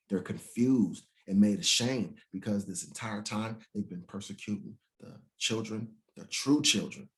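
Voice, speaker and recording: A man teaching from the Bible, reading verses slowly and then breaking into crude, mocking rants with big swings in pitch and loudness. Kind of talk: profane scripture teaching.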